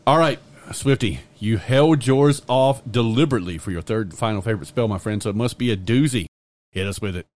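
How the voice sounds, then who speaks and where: A man's voice: on the low side, brisk, darkish tone. A man hosting a podcast in casual chat who jokes around and rambles through playful asides. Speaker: podcast host.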